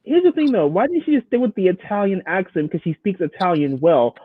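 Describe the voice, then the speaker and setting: A man's voice: high-pitched, sing-song, brisk, husky, dry recording. Man on a tinny phone-like line. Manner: emphatic, opinionated. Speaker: panelist. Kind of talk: casual commentary chat.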